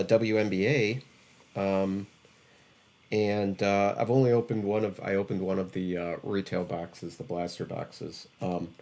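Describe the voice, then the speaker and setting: A man with a fairly low voice talks casually as a podcast co-host. He rambles and halts, restarting his sentences and filling pauses with ums as he goes. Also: darkish tone. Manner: rambling, halting, many fillers and restarts. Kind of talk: casual chat about trading cards.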